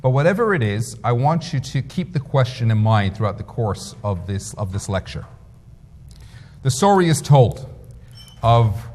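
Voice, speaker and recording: A rabbi lectures in a measured, storytelling way and poses rhetorical questions to his listeners. His voice sits at an ordinary middle pitch. The sound carries the long reverb of a lecture hall. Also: a little mellow.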